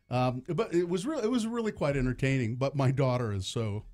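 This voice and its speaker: A middle-aged man hosts a radio show from the studio. He tells a story in relaxed conversation and laughs often. His voice moves all over his pitch range, lively and expressive. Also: brisk, few pauses. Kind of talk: casual radio talk.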